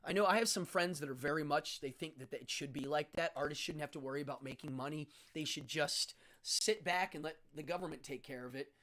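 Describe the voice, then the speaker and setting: A man's voice: on the high side, brisk, hardly any pauses, fairly bright tone. A middle-aged man who hosts a talk show and works as a stage magician, telling backstage stories in a blunt, frank way. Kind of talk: casual storytelling on a talk show.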